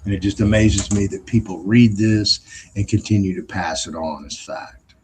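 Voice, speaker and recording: A man's voice: fairly low pitch, moderate pace, a little mellow, a little hiss or hum. A man hosting his own show, talking in a blunt, profane, scornful casual monologue and laughing between phrases. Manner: laughs between phrases while telling stories. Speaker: show host.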